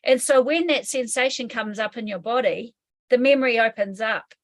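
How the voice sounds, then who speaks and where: NZ woman, hypnotherapy trainer as interview guest; fairly high, candid, swears casually. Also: moderate pace. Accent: New Zealand. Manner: candid, swears casually, acts out inner voices. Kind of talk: explanatory interview talk.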